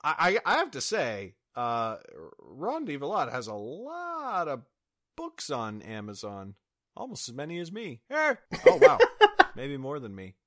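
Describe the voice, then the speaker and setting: Wry man with lively swooping voice. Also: on the high side, unhurried. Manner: wry, groaning reactions, lively laughter. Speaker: guest author. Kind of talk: casual chat.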